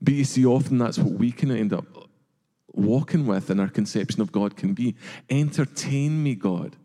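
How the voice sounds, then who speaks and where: A man's voice: lowish voice, a little fast, mellow. A middle-aged man preaching a sermon as a pastor, earnest and questioning, sometimes acting out voices. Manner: earnest, rhetorical questions, acts out quoted voices. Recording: long reverb of a large hall.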